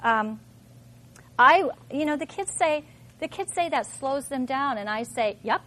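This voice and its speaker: A middle-aged woman teacher with a high, bright-sounding voice talks through a lesson. She thinks aloud in an animated way and keeps firing off rhetorical questions. A faint hum of the room sits behind her. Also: measured pace. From Minnesota. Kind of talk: classroom demonstration talk.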